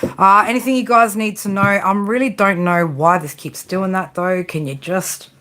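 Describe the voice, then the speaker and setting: A woman's voice: mid-range voice, steady tone, moderate pace, fairly bright tone. A woman giving a casual live tarot reading, chatting and joking with viewers and swearing freely. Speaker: tarot reader.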